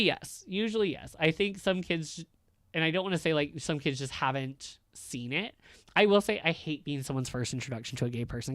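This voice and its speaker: A man who works as a high school teacher, ranting in casual chat, blunt and profane, with lots of fillers. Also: fairly bright tone, no room sound, studio quality.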